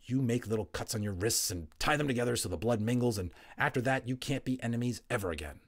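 A man's voice: medium pitch, expressive, quick pace. A man voicing an earnest, caring young boy who talks firmly and persuasively.

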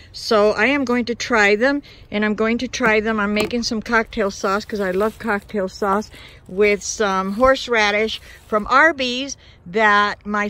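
Bright, earnest woman vlogging outdoors. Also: medium pitch. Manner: earnest, grateful, chatty. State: out of breath. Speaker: van-life vlogger. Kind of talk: casual vlog talk to camera. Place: outdoors at a van campsite in the woods.

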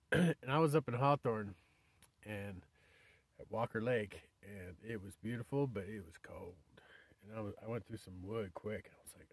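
A man's voice: lowish voice, fairly quick, no echo. A man rambling casually to his vlog camera outdoors in the desert, often drifting into a whisper. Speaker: vlogger.

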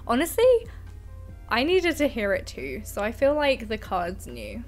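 A woman's voice: on the high side, huge pitch swings, a little slow, soft background music. A young woman chatting casually on her live stream, giggly and affectionate toward her cat, speaking into a desk mic at home. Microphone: desk microphone.

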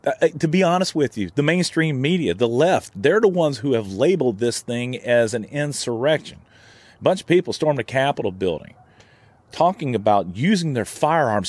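A man's voice: mid-range voice, animated, moderate pace, a little mellow, no echo. A man hosting his own channel, speaking in a heated, indignant vlog rant with frequent restarts. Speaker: gun channel host. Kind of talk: opinion vlog commentary.

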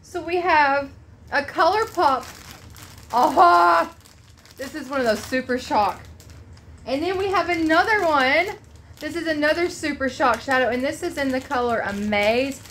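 A woman's voice: sits high, moderate pace, fairly bright tone, slight background noise. A woman hosting an unboxing vlog, gushing and exclaiming, emotional and close to tears. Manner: bubbly, gushing, exclaims often. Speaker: vlog host.

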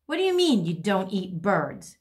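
A woman's voice: mid-range voice, sing-song, normal speed, natural voice. A woman voicing a bossy, hungry young female bird who can't fly, demanding and pouting.

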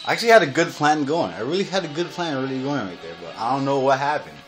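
A young man commentating his own video game match, recorded on a phone, excitable and quick to yell, laugh and curse. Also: mid-range voice, faint music behind.

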